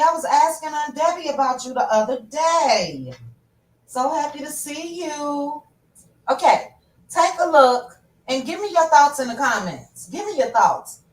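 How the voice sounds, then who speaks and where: A woman's voice: high voice, reverberant, distant mic, rough recording. A woman hosting a casual livestream, chatting directly with her viewers about pop culture news. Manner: chatty, talks straight to viewers. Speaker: host.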